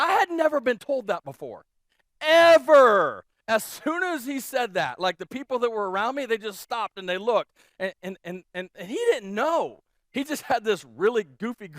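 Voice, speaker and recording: Pastor, male, higher than usual pitch, dry close sound; relaxed storytelling sermon full of restarts. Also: no echo. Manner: casual, animated storytelling with many restarts. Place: church auditorium.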